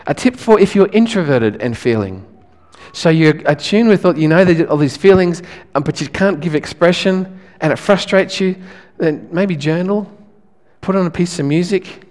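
A male pastor, preaching a sermon in a relaxed, conversational way, often restarting his phrases. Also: on the high side, big-room sound.

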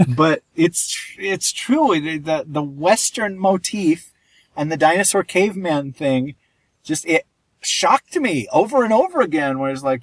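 A man with a husky, slightly high voice that swoops up and down as he chats about a movie. He acts out his reactions with amusement. The recording is dry and close. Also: unhurried, no echo, rough recording. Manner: animated, quotes his own reactions with a laugh. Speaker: podcast co-host. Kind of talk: casual movie review chat.

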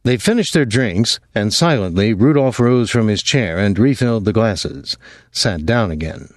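A man reading a novel aloud as an audiobook narrator, in an even, unhurried way. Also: fairly low pitch, dry recording. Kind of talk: scripted narration.

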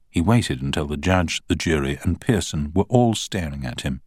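Male narrator, very deep voice, lively pitch, dry close sound, storytelling. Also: normal speed, hardly any pauses, husky, no echo. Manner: steady storytelling. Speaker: audiobook narrator. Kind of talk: scripted narration.

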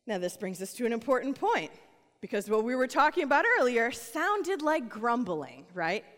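A woman's voice: on the high side, normal speed. Woman pastor preaching in a reverberant hall. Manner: conversational, dips from animated to soft and hushed. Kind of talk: sermon.

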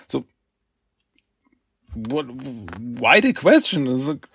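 A man hosting a podcast, recapping a comic book in a rambling, halting way with fillers. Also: mid-range voice, sing-song, fairly bright tone, breathy edge. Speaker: podcast host.

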